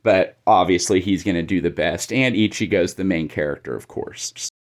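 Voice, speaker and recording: A man's voice: low voice, fairly quick. A man giving casual, opinionated commentary in a video, talking in a chatty way full of "like" fillers.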